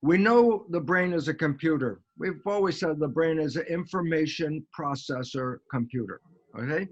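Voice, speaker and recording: Animated American man explaining science. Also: a little high, moderate pace, dull audio. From United States. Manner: animated, acts out little dialogues. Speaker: guest biologist. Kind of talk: explanatory interview answer.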